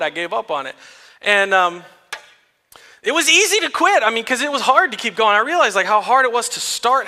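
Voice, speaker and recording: A man in his thirties, a pastor giving a sermon in a relaxed storytelling way, laughing often. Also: high voice. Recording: long reverb of a large hall.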